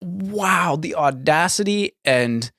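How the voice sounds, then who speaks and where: A young man from the United States, co-hosting a podcast and telling a story in a casual, animated way. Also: a little high, slow pace, dry recording, clean studio sound. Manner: storytelling, animated, acts out quoted people. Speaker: podcast co-host.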